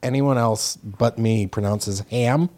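A man's voice: mid-range voice, takes it slowly, a little mellow. A man chatting on a podcast, making dry, offhand remarks. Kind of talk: casual chat.

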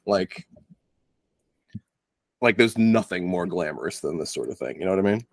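Brief: male podcast co-host, lively pitch swings, dry close mic, quick wisecracks. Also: no echo. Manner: wisecracking, laughing, lots of fillers. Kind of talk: casual chat.

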